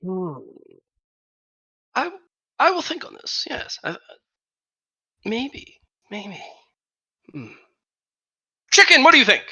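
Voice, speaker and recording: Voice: medium pitch, very animated, slow, long pauses, sharp tone, slightly rough, full character voice. A game master voicing a cheerful, theatrical male cider merchant obsessed with apples in a tabletop role-play. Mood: musing. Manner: theatrical, salesy, addresses customer grandly.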